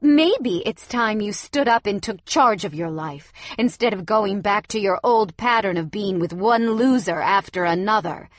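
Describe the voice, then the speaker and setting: A woman's voice: medium pitch, expressive, unhurried, hardly any pauses, no echo, close to an everyday voice. A woman voicing a scornful middle-aged mother-in-law in an audiobook, cutting and sneering.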